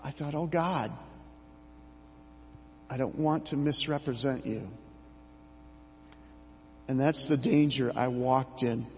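A middle-aged man preaching a sermon as pastor, slow and emphatic with dramatic pauses. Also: medium pitch, darkish tone, long reverb tail, a little hiss or hum.

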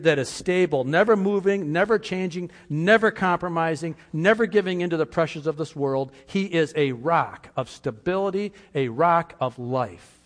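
A man's voice: fairly high pitch, long reverb tail. A man preaching a sermon as pastor, speaking emphatically and quizzing his congregation with questions.

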